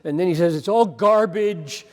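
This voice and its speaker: A man with a high-pitched voice preaches an earnest, emphatic sermon, repeating phrases for weight. His words ring out with a long reverb, as from a large hall. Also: normal speed. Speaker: pastor.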